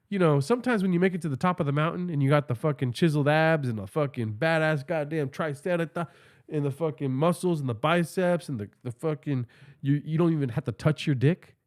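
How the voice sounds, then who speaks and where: A man's voice: fairly high pitch, fast. A man hosting a podcast, telling a rambling, profane comic story and often asking the listener. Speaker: podcast host. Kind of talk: comedic storytelling monologue.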